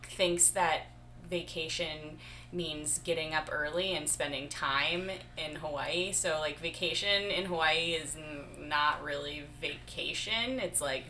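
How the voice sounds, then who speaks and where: Tired, talkative woman guest, low-pitched and bright. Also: a little hiss or hum. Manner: chatty, rambling, quick to laugh. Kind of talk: casual chat.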